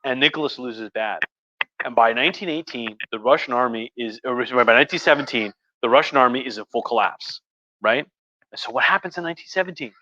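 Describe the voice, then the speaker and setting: Speaking briskly in a sharp, mid-range voice, this host has had some wine and is tipsy as he runs a laid-back history livestream from his home. He swears crudely, wanders off track and keeps restarting. There's no echo, but the recording sounds muffled and dull.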